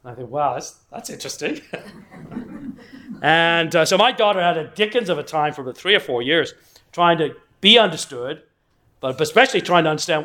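A man's voice: fairly high pitch, very animated, brisk, bright, forceful tone. A middle-aged man from England giving a casual history lecture with rambling anecdotes, chuckling asides and acted-out quotes.

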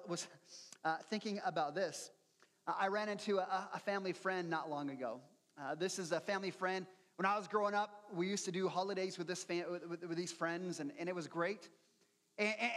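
A man's voice: sits high, in a large hall. A middle-aged man preaching a sermon as pastor, conversational and earnest, often repeating words as he starts sentences.

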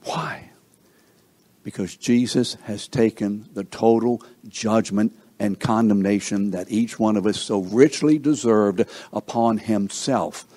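A man preaching a sermon, asking the congregation questions and swinging between emphatic and hushed delivery. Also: lowish voice, a little slow, hardly any pauses. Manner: call-and-response questions to the congregation.

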